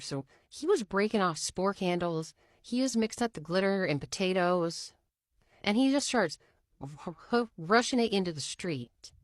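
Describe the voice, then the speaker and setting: A woman's voice: mid-range voice, no echo, clean studio sound. A woman telling a story in a casual, chatty way, often saying "you know".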